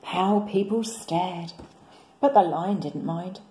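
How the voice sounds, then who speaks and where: A woman, a primary school teacher, reading a picture book aloud in a gentle, expressive storytelling manner. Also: lowish voice, slow, echoey room, a little hiss or hum, low-quality recording.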